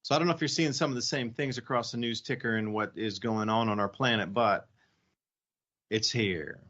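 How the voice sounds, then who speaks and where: A man's voice: fairly low pitch, moderate pace, fairly bright tone. A man hosting a radio talk show, rambling with sarcastic asides. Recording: slightly dull lo-fi audio.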